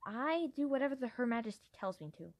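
A woman's voice: fairly high pitch, animated, fast, no room sound, lo-fi sound, pitched above the performer's own voice. A woman voicing a young female dragon champion who talks in a chirpy, matter-of-fact way, as an amateur audiobook character. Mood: cheerful.

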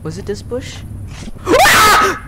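A man with a high, animated voice speaks at a measured pace over a noisy background. He's live-commenting a horror game, jumpy and frightened, swearing heavily and gasping and yelping as he explores.

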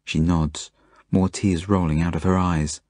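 A man's voice: low voice, steady tone, measured pace, a little mellow, no echo, clean studio sound. A man with an Australian accent, an author reading his own novel as first-person audiobook narration in a plain, earnest way.

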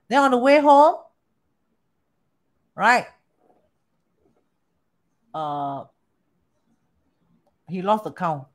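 A woman with a Singaporean accent teaching a lesson, animated, often asking rhetorical questions and switching languages. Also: a little high, very slow, long pauses. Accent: Singaporean English. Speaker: teacher of Chinese metaphysics. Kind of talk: storytelling lesson.

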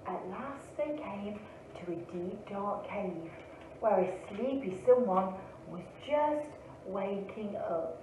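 A woman, an early years teacher, reading a picture book aloud to children in a slow, expressive storytelling way. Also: mid-range voice, slight background noise. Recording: echoey, phone-like, from a distance.

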